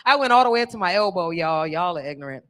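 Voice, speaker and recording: A woman's voice: lowish voice, animated, fast, fairly bright tone. A middle-aged woman from California doing a brash, bawdy live stand-up routine on a stage mic and teasing the crowd. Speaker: stand-up comedian.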